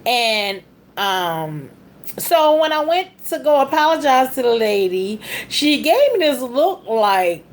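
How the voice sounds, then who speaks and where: Animated storytelling woman with a high voice. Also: slow pace. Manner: animated, with big pitch jumps on quoted speech; rambling, with frequent fillers and restarts. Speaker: vlogger. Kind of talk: casual storytelling.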